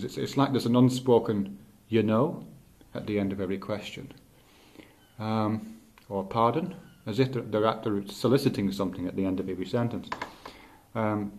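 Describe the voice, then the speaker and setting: A middle-aged male teacher thinking aloud in a halting, reflective way, with many restarts. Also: on the low side, gravelly, a little mellow, a little hiss or hum. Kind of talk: unscripted spoken reflection.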